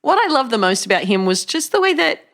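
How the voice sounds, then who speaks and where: A woman who co-leads a church as pastor, telling lively stories in casual conversation with laughs and frequent restarts. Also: sits high, fast talker. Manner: animated, laughing, many restarts. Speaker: guest, co-lead pastor.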